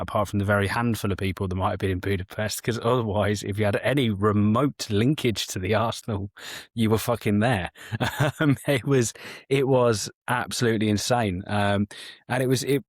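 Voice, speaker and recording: Bloke on a podcast, lowish voice, lots of ums and restarts, swears casually, dry sound. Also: male voice, steady tone, a little fast, dry recording. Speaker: podcast guest. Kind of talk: casual chat.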